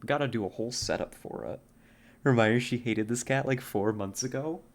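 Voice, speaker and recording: A man's voice: mid-range voice, brisk. A man chatting casually while livestreaming a strategy game, rambling and often laughing at his own jokes. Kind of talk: casual gameplay chat while streaming.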